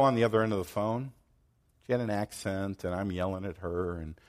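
A middle-aged man preaching a sermon, telling stories with lively swings between loud outbursts and quiet asides. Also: deep voice, fairly quick. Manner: animated storytelling, acts out quoted voices, swings loud and soft. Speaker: pastor.

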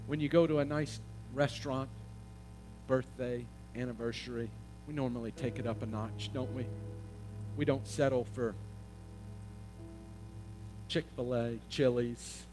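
A man preaching a sermon, asking the congregation questions and swelling to loud emphatic peaks. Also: medium pitch, fairly even intonation, measured pace, pauses often, over music. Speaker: pastor.

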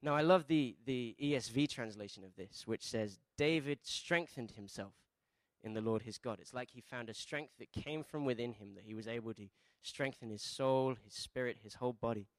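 A man preaching a sermon, asking the congregation questions and calling for responses, shifting between soft asides and loud emphatic peaks. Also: medium pitch, a little fast, hardly any pauses, no echo. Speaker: pastor.

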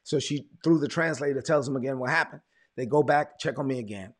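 A man's voice: medium pitch, a little fast. A man, a pastor telling his testimony in a sermon, repeating words as he tells the story. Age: 40s.

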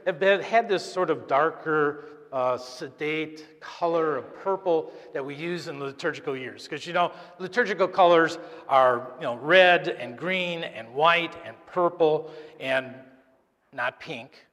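A man, apparently a deacon, giving a conversational sermon during Mass, halting and joking with the congregation. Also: fairly high pitch, fairly bright tone. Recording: long church reverb.

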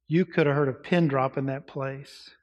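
A man preaching a sermon, asking his listeners questions and dropping to quiet, soft tones. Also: mid-range voice, steady tone, moderate pace, muffled recording. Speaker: pastor. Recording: reverberant hall.

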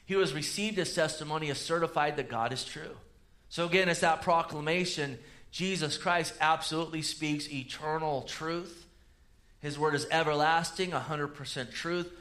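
A man preaching a sermon, swinging between loud emphatic rises and low quiet asides. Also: normal speed. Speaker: pastor.

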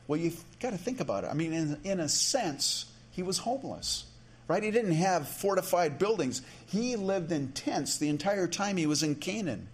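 Male pastor, sermon delivery, chatty with restarts, slightly high voice. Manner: conversational, many restarts and asides.

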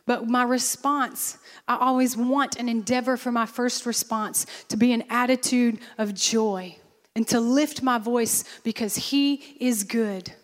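A woman pastor preaching a sermon, animated and lively, acting out bursts of praise as she goes. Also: on the high side, in a large hall.

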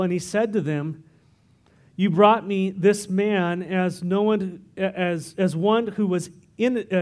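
A man's voice: fairly high pitch, darkish tone. A man preaching through a Bible passage in a conversational way, explaining the text with asides and filler words. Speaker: pastor. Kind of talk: expository sermon.

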